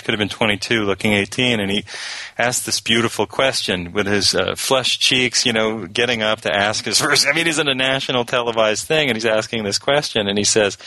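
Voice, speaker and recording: Sardonic low-voiced male radio guest. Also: a little fast, bright, forceful tone, no room sound, low-quality recording. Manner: sardonic, mocking impressions of politicians. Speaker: show guest. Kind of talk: political talk radio chat.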